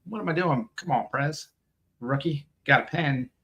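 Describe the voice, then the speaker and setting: A man's voice: on the high side, moderate pace, a bit bright, slightly rough, highs cut off. A man hosting a live coin stream, rambling and joking casually while reading viewer comments aloud and laughing often. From United States.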